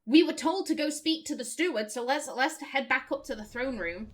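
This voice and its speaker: A woman's voice: high-pitched, moderate pace. A woman hosting a let's play, chatting animatedly through casual gameplay commentary and reading dialogue aloud.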